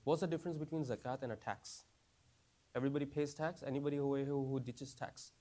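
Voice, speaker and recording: Man, class teacher, conversational, repeats himself, questions to the class, mid pitch. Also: fairly even intonation, fast talker, warm tone. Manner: repeats phrases, frequent "right?" and "you understand?". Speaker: teacher of a class for new Muslims.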